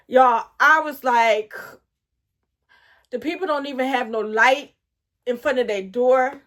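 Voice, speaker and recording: A middle-aged woman with a high voice tells a casual story to her viewers. She is animated and excitable, and she breaks off and restarts her sentences as she goes. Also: slow, long pauses. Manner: animated, talks straight to viewers with frequent asides. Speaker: vlogger telling a story.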